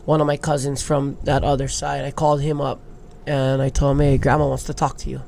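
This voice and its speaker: A big wave surfer from Hawaii, a man in his thirties, tells his life story as a guest on a candid podcast, speaking openly and emotionally and swearing casually. His mid-range voice is gravelly and a bit dark, delivered in a monotone at a slightly fast clip, with slight background noise.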